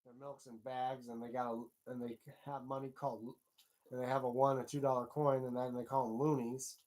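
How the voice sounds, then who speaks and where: A man's voice: mid-range voice, little pitch movement, a little fast, a little mellow. A man hosting his own livestream, chatting loosely and rambling, with casual swearing. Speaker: livestream host.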